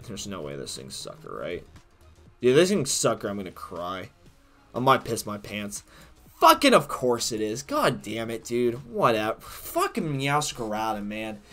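A man's voice: mid-range voice, fairly bright tone. A man giving profane, trash-talking live commentary while he plays a competitive game, swinging between rage and jokes.

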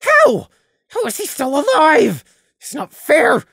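A man voicing a small, panicky male pony who shrieks in a squeaky voice. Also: huge pitch swings, slow, a bit bright, dry recording, studio quality, full character voice. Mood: outraged. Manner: shrieking, frantic.

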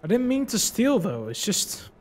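A man's voice: high-pitched, sing-song, moderate pace, a little mellow, faint music behind. Swearing, laughing gamer guy. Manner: swearing, laughing, thinking aloud. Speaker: gaming streamer. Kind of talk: casual gameplay commentary.

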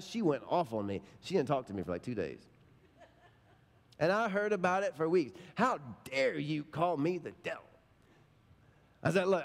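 A middle-aged male pastor preaching a sermon, telling stories in an emphatic, folksy way. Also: on the high side. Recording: long reverb of a large hall.

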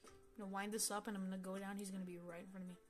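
A woman giving casual let's-play commentary, excitable, swearing and talking straight to the game characters. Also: mid-range voice, rapid-fire, faint music behind. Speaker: gameplay commentator.

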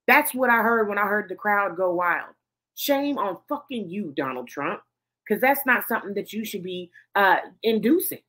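A woman's voice: medium pitch, lively intonation, normal speed, fairly bright tone. A woman hosting a commentary show, ranting heatedly and swearing emphatically. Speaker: host.

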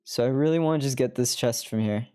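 A woman's voice: a bass voice, fast talker, mellow. A woman streamer chatting through live gameplay commentary, laughing often and swearing freely.

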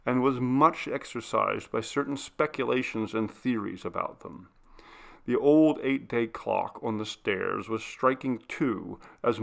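A man reading a classic ghost story aloud in a steady, measured style of scripted narration. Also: medium pitch, creaky. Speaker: audiobook reader.

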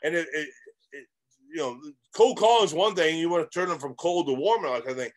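Talking fast in a fairly high voice, a middle-aged man coaches real estate investors directly to camera. His monologue is emphatic and meandering, with jokes at his own expense.

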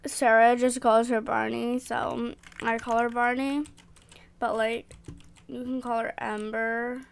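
A young woman with a high voice chats her way through a game in an excitable, rambling way. She speaks slowly and unhurriedly, filling gaps with ums and likes. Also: gravelly, a little hiss or hum. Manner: chatty, excitable, rambling with fillers. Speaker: gaming vlogger. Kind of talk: casual game commentary.

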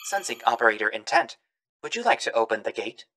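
A man voicing a calm, formal robotic AI assistant with flat, polite machine phrasing. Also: mid-range voice, fairly quick.

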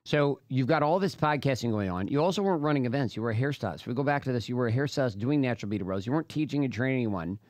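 A man's voice: mid-range voice, lively intonation, rapid-fire, hardly any pauses, darkish tone, dry recording. A man in his thirties co-hosting a podcast, prompting his co-host with questions. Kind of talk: casual conversation.

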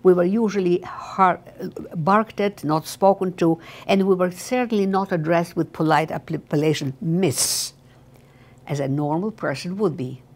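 An elderly woman in her eighties reading her own memoir aloud, slow and halting, with frequent restarts. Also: fairly low pitch. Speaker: memoir author.

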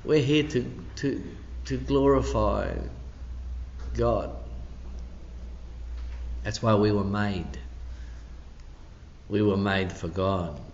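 Slow-talking pastor in an echoey church. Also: male voice, on the low side, a little mellow, a little hiss or hum. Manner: conversational and emphatic, peppered with "you know". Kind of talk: midweek church teaching. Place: church hall. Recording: dull echoey church recording.

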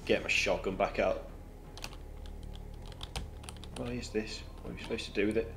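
A man's voice: lowish voice, steady tone, vocal fry, noisy background. A young man co-hosting a game playthrough, laughing often and drawing out his exclamations. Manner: laughs a lot, drawn-out exclamations. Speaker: gaming video co-host. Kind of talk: casual gameplay banter.

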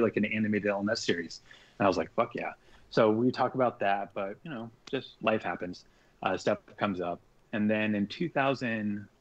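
Low-voiced man telling a story casually. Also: lo-fi sound. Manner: animated, acts out quoted speech, swears freely. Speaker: podcast guest, artist.

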